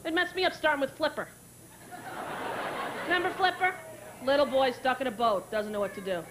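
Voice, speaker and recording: A woman in her thirties doing a stand-up routine, animated and breaking into shrill character voices and sung jingles. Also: a little fast, pauses often. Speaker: stand-up comedian. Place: stage before a live audience. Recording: live show with loud audience and crowd noise. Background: audience laughter.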